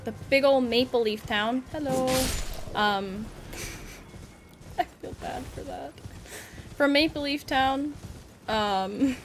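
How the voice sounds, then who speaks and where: Higher-voiced giggly woman streamer. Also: slow, long pauses, background noise. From Canada. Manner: chatty and giggly, greets viewers, reacts to the game. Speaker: game streamer. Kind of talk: casual live-stream chat while gaming.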